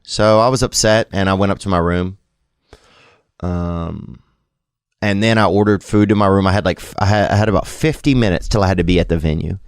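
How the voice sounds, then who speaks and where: A man's voice: sits low, a little fast, clear, resonant tone, no room sound, clean studio sound. A man in his thirties with a Southern US accent, telling a rambling, self-deprecating story as a comedian. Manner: drawling, meandering, self-deprecating, trails off.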